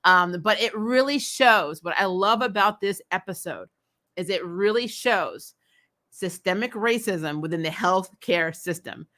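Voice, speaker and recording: A woman's voice: medium pitch, a little slow, fairly bright tone. A woman casually recapping a TV episode, chatty and opinionated, often exasperated, with fillers and laughs. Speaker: host.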